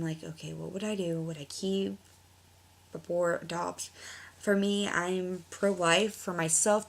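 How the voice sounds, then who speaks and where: A young woman with a low voice and a gravelly, fry-laden edge chats to the camera in a casual vlog. She rambles through her story with lots of fillers and self-corrections. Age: young adult. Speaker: vlogger.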